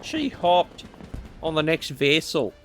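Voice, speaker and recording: A man voicing a fussy festival helper in a higher, theatrical put-on voice, drifting into a loose accent and tacking on "mate". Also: very animated, takes it slowly. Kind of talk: reading game dialogue aloud in character. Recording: faint game music behind.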